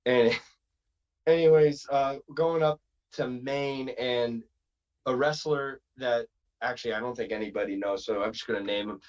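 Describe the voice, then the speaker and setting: A Massachusetts wrestler, appearing as a guest, tells a long road-trip story in a rambling, casual way, acting out quotes in other voices. His voice is medium-pitched and measured in pace, and the sound is lo-fi.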